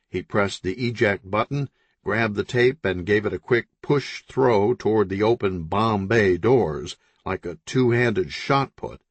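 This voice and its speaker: A man reading a crime novel aloud as an audiobook narrator, expressive and voicing each character. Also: lowish voice, husky, dry recording. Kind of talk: scripted narration.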